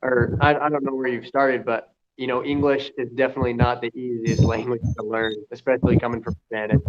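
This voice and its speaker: A man's voice: medium pitch, level tone, fairly quick. Rambling guy on a muffled call. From United States. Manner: rambling, many fillers and restarts. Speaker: conversation partner. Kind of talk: casual video call chat. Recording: muffled video call audio, faint hiss.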